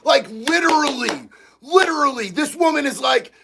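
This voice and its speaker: A man hosting a casual livestream, reading viewer comments aloud and talking in an excitable, profane way that breaks into shouting. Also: very high-pitched, moderate pace, vocal fry. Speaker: livestream host reading chat.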